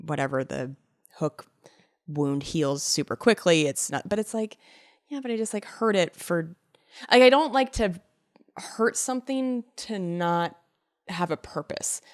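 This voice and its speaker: A woman's voice: lowish voice, measured pace, no room sound. Woman podcast cohost, bouncy sing-song voice, laughs a lot, dry close mic. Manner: animated storyteller, laughs often; acts out quoted speech. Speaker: podcast co-host. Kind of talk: casual chat.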